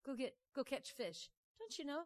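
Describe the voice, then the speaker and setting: A woman preacher with a slightly high voice delivers a sermon as a story. She talks in a lively, chatty way, uses folksy turns of phrase and keeps throwing questions out to the congregation. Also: moderate pace. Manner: animated, conversational, asks the crowd questions.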